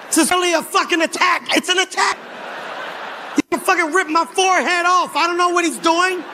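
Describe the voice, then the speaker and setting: A man in his forties telling a profane stand-up story on a live stage, animated and often shouting. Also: extremely high pitch, a little fast, a little hiss or hum. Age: 40s. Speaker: stand-up comedian. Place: live comedy stage before a crowd.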